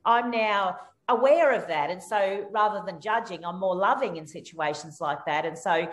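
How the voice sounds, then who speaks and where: A woman speaking as an interview guest, telling anecdotes animatedly over a video call. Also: moderate pace. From Australia. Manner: animated storytelling, rises sharply in pitch for lively anecdotes. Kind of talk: conversational interview.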